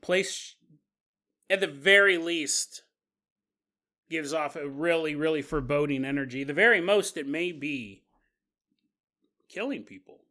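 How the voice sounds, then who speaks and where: A man hosting a podcast, telling a spooky story in an animated, conversational, jokey way. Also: fairly high pitch, measured pace, pauses often. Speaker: podcast host. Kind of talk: storytelling narration.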